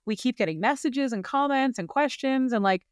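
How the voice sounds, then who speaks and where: A Canadian woman co-hosting a podcast in casual chat, animated and rambling with lots of fillers and jokes, recorded on a close microphone. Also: high-pitched, normal speed, clear, resonant tone, dry recording. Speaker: podcast co-host.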